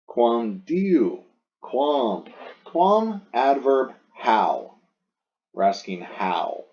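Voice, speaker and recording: A man's voice: fairly low pitch, expressive, takes it slowly, darkish tone, highs cut off. A man teaching a Latin lesson, patiently explaining each exercise sentence and rephrasing the questions. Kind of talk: recorded lesson walking through exercise sentences.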